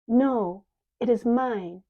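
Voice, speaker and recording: A woman's voice: a little high, a little slow, voice pushed up, natural voice. A woman voicing a frightened young girl who pleads in a raised, anxious voice. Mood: desperate. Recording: dull lo-fi recording.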